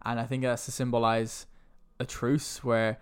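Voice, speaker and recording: A man talks in a loose, casual chat, cursing freely as he rants with animated energy. His voice sits at an ordinary middle pitch. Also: normal speed, smooth. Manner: animated ranting, heavy swearing.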